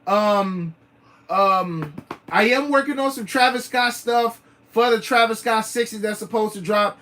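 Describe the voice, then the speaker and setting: A man's voice: high-pitched, measured pace, sharp tone. A man hosting a sneaker channel livestream, chatting loosely with slang, fillers and repeated phrases. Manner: loose, repetitive, slangy talk with many fillers. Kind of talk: casual livestream chat.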